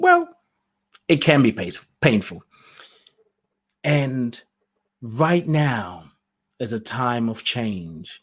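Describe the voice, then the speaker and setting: A man's voice: medium pitch, expressive, slow, pauses often. A man hosting his own podcast, giving a rambling spiritual talk, musing aloud, laughing often and losing his thread. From lives in the UK. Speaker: podcast host. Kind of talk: spiritual talk, casual monologue. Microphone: solo podcast mic, self-produced.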